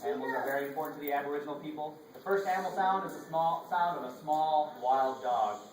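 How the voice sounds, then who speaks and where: A children's performer from Florida runs an educational show, coaxing kids through call-and-response in a large indoor library hall. His voice is fairly high and fast, captured from far off in the echoey room.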